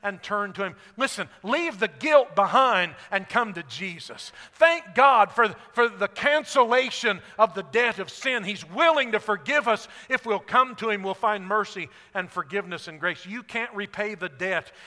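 A man delivering a sermon as pastor, his voice high and bright. He builds to emphatic, ringing lines, then falls back to soft, conversational asides. The sound carries a long hall reverb. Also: expressive, moderate pace, hardly any pauses. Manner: swells to emphatic peaks, then drops to quiet asides.

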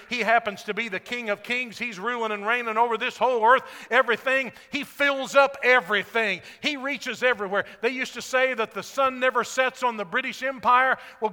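A man pastor preaching a sermon to a congregation, building to loud shouted lines and then dropping his voice. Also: extremely high pitch, moderate pace, hardly any pauses. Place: church sanctuary. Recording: echoey hall.

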